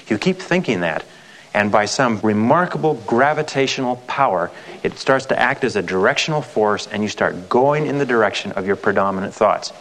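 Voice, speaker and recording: A man's voice: lowish voice, expressive, normal speed, fairly bright tone. Emphatic man giving a motivational seminar. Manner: emphatic, repetitive, with frequent rhetorical questions. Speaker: sales trainer.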